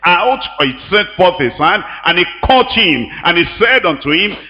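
A man's voice: sits high, sing-song, normal speed, bright, forceful tone. A man preaching a sermon, emphatic and building his points through repetition. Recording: dull echoey hall recording.

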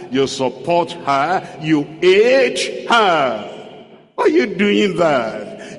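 A man preaching a sermon, emphatic and full of rhetorical questions. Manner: emphatic, slow and sweeping pitch, rhetorical questions. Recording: long hall reverb.

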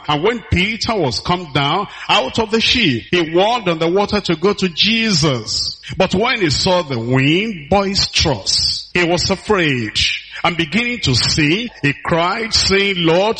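A man preaching a sermon in measured phrases, pausing for an interpreter and reading scripture aloud. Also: high voice, bright, forceful tone, long reverb tail. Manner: measured, reads scripture in King James wording.

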